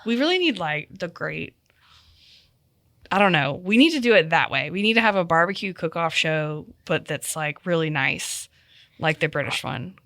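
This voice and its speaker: A woman hosting a podcast in a studio, chatting casually with animated quick asides. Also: deep voice, no room sound. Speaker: podcast host.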